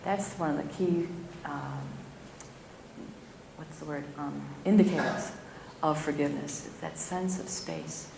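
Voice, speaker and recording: A middle-aged woman giving a gentle, expressive spiritual talk to a live audience. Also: fairly low pitch, gravelly. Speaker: spiritual teacher. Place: spiritual community hall. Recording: echoey hall, faint room noise.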